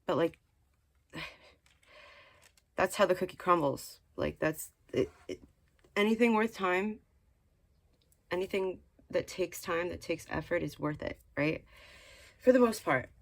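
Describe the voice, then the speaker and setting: A woman's voice: on the low side, animated, slow, pauses often. A woman giving a casual spiritual tarot reading, chatty and rambling with many fillers and restarts, earnestly nudging the listener. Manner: earnest, mildly scolding encouragement. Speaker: tarot card reader.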